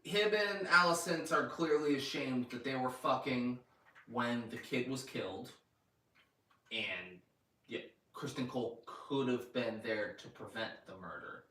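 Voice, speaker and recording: A man co-hosting a casual review chat, acting out scenes with lively swearing and laughter. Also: mid-range voice, measured pace, distant mic. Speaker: podcast co-host. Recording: roomy sound, a bit off-mic.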